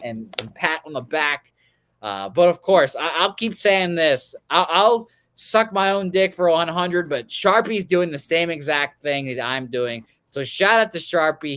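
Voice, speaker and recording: A young man hosts a sports radio show in a loose, joking way. He swears freely and talks over his co-host. His voice sits a little high for a man. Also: fairly bright tone, dry recording. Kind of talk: casual sports radio chat.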